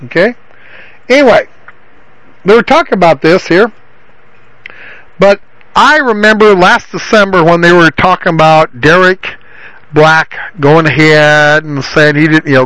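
A man's voice: on the high side, normal speed, pauses often, a bit bright, no echo, poor audio. A male radio host rambling in casual talk and reading a comic story aloud. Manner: rambling, repeating himself.

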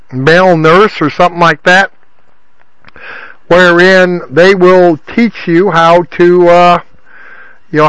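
Rambling, fairly high-voiced male host. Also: a bit bright, smooth, no echo, rough recording. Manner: rambling, many fillers and "you know what I mean". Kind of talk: casual call-in chat.

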